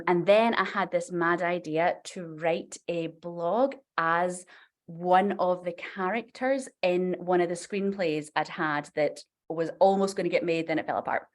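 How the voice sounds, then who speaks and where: A woman in her forties, a novelist guest on a podcast, telling a story in a chatty, animated way full of fillers. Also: on the low side. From Scotland.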